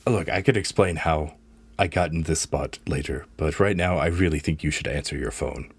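A man's voice: rumbling low, moderate pace, creaky, husky, dry recording, heavily acted. A man playing Merlin, a kindly talking book. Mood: gentle. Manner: gentle, rambling and reassuring. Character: Merlin as an old talking book, wise and kind.

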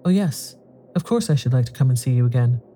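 A man doing a brisk, cheerful lady visitor. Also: medium pitch, lively intonation, mellow, a little hiss or hum, natural voice. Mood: delighted. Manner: cheerful and eager. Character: polite, brisk woman visitor.

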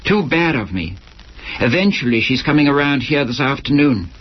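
A man's voice: mid-range voice, big pitch swings, normal speed, close to an everyday voice. A man reading aloud, voicing a smug young foreign ladies' man who speaks broken English in a lazy, self-satisfied drawl. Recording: lo-fi recording with faint hiss.

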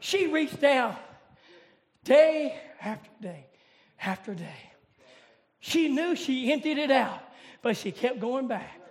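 A man preaching a revival sermon in church, shouting in a chanting, rising cadence. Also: very high-pitched, animated, slow, pauses often.

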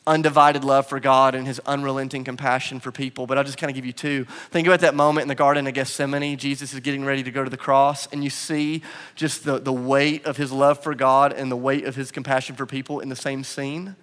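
A male pastor preaching a sermon, moving between loud, emphatic lines and hushed, quiet ones. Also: medium pitch, flat delivery, a little fast. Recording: long reverb of a large room.

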